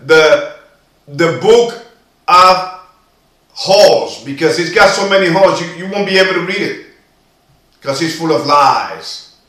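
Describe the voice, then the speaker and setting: A man's voice: high voice, pushed and bright. A man giving an impassioned monologue to camera, preachy and emphatic, repeating and drawing out his phrases. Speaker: video commentator. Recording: very echoey room.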